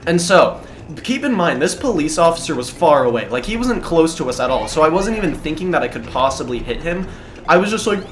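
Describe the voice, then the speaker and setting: A man casually telling a personal story in an animated, self-deprecating way, swearing freely. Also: on the high side, fairly quick, a little hiss or hum.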